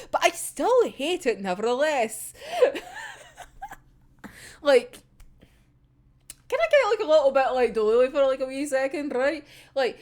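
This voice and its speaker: A young woman ranting about a manga chapter in a casual fan reaction, excitable, swearing freely and laughing often. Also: high-pitched.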